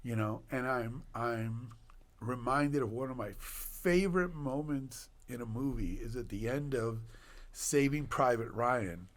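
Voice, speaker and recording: Older man, slow animated storyteller. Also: medium pitch. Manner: animated, laughing storyteller with dramatic pauses. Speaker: doctor guest on a podcast. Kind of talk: personal storytelling in conversation.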